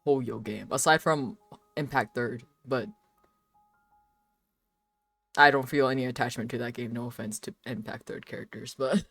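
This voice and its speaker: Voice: mid-range voice, fairly even intonation, normal speed, creaky, pauses often, fairly bright tone, faint music behind. A young adult live streamer chatting casually while drawing, rambling with lots of filler words, frequent laughs and swearing.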